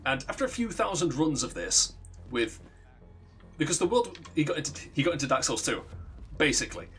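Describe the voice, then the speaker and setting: A man's voice: on the high side, sing-song, a little fast, fairly bright tone. A young man streaming, casually telling a long backstory, profane and often restarting his sentences. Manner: rambling, profane, self-interrupting. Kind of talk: casual storytelling on a livestream.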